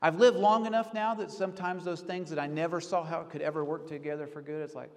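A male pastor preaching an earnest sermon, rising to pleading and then dropping to hushed reflection. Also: fairly high pitch, steady tone, fast talker, hardly any pauses, big-room sound.

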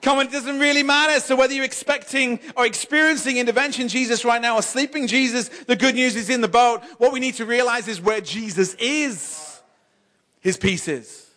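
A man preaching a sermon in church, emphatic and repetitive, stammering on restarts and swinging between loud exhortation and soft, slow moments. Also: very high-pitched. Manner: emphatic, repeats and builds phrases, stammers on restarts.

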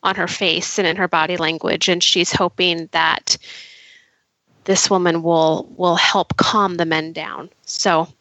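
A woman's voice: fairly low pitch, little pitch movement, unhurried, pushed and bright, no room sound, rough recording. A woman player talking through her moves in a tabletop role-play, hesitant with restarts. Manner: hesitant, laughing often.

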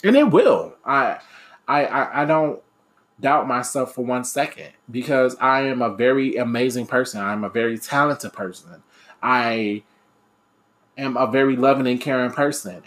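A man's voice: medium pitch, fairly bright tone. A young man talking candidly in a personal reflective monologue, rambling with many fillers and restarts. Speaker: aspiring radio DJ and podcaster.

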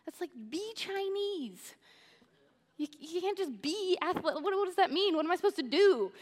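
A woman's voice: very high-pitched, animated, normal speed, pitched above the performer's own voice. A woman voicing an exasperated middle-aged father who asks incredulous questions.

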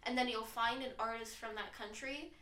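A woman's voice: a little high, steady tone, moderate pace, sharp tone. A young woman co-hosting a podcast in casual chat, full of "like" and little self-deprecating jokes. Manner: chatty, lots of fillers, self-deprecating jokes. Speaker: podcast co-host. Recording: roomy, distant mic.

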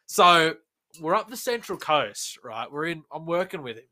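A young Australian man co-hosting a casual podcast, telling rambling stories and laughing loudly. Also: on the high side, very animated, normal speed. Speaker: podcast co-host. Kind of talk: casual banter.

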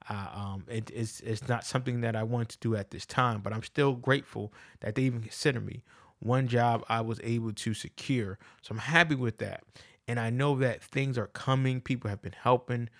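A man's voice: medium pitch, vocal fry, fairly bright tone, no echo, clean studio sound. A man hosting his own podcast, talking in an earnest, casual motivational monologue and repeating phrases for emphasis. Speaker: podcast host.

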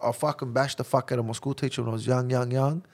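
Gravelly, blunt man. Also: medium pitch, fairly even intonation, fast talker, darkish tone. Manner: blunt, profane, calls listener bro. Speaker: interview guest. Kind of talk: casual storytelling chat.

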